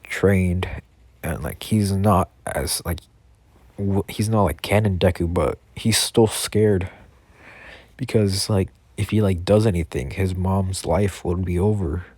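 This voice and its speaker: A man's voice: low voice, fairly even intonation, slow pace, darkish tone, husky, no room sound. A young man improvising a story casually, rambling with many "like" fillers and restarts.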